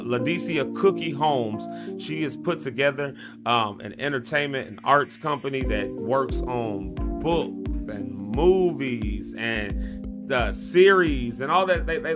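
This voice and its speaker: A man with a Southern US accent hosting a live morning stream, chatting loosely with viewers, laughing often and calling them y'all. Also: mid-range voice. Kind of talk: casual live-stream chat with breathing tips.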